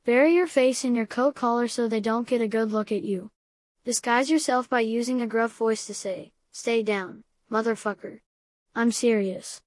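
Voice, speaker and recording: Brief: woman narrator, fairly high voice, flat matter-of-fact comic read, dry studio sound. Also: normal speed, no room sound. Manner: calm matter-of-fact delivery of absurd advice. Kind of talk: scripted deadpan comedy narration.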